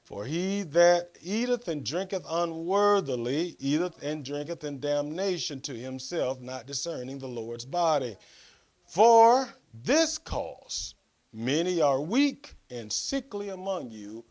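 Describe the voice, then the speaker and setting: Male pastor, sermon reading, slightly high voice, unhurried delivery. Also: animated, darkish tone. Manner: reads scripture aloud with added comments; instructs the congregation directly.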